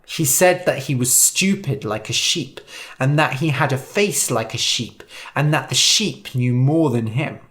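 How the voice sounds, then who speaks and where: A storyteller reading a fable slowly and clearly for English learners. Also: mid-range voice. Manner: slow, clear, expressive reading.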